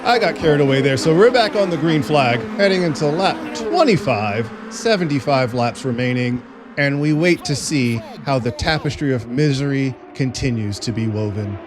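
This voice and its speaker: A man's voice: medium pitch, lively intonation, moderate pace. Jokey male race commentator. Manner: jokey, sarcastic asides. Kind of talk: sim racing play-by-play commentary. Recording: loud race engine noise. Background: race car engine noise.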